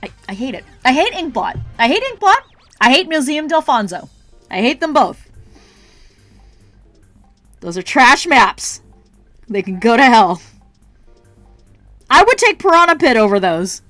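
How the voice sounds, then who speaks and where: A woman with a fairly high voice rants on her stream, salty and swearing freely. She talks casually to her chat, and faint music plays under her voice. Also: big pitch swings, unhurried, pauses often, a bit bright, no echo. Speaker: art streamer.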